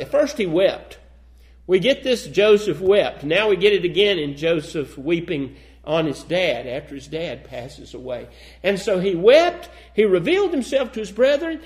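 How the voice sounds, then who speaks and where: A man's voice: very high voice, very animated, normal speed. A man preaching a sermon, reading old-fashioned scripture aloud and then pressing his points with rising emphasis.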